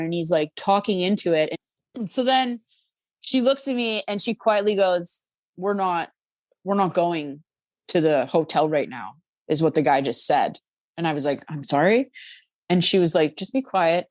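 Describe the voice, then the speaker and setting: A podcast guest with a medium-pitched voice and no room sound tells a travel story in casual chat. She is animated, acting out quotes and using lots of fillers.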